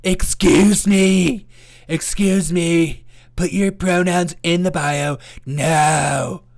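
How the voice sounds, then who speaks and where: A man voicing a shrill, indignant male leftist activist with an exaggerated, prissy, demanding delivery. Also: steady tone, drawn-out words, vocal fry, full character voice.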